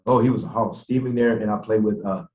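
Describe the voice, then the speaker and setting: A man, a former pro football player, telling animated stories in an interview and acting out the people he quotes. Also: lowish voice, brisk. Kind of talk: interview storytelling. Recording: echoey room.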